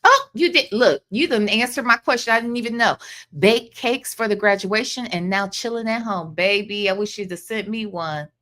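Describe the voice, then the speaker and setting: A woman's voice: medium pitch, normal speed, pushed and bright. A woman hosting a casual livestream, chatting and greeting viewers by name. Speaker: livestream host.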